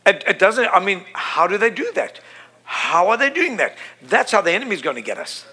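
Impassioned high-voiced male preacher. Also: sing-song, normal speed, bright, forceful tone. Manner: impassioned, repetitive, rising to emphatic peaks. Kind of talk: sermon.

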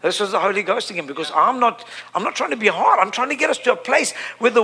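A man's voice: high voice, lively intonation, fast, bright, forceful tone. A middle-aged man preaching a sermon, impassioned and repetitive, building to emphatic peaks.

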